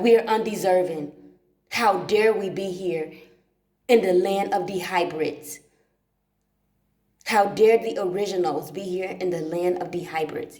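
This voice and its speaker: Talking casually from a dark room at home, a woman hosting a livestream rambles on, swears often, and repeats points for emphasis. Her low, slightly mellow voice has a roomy sound.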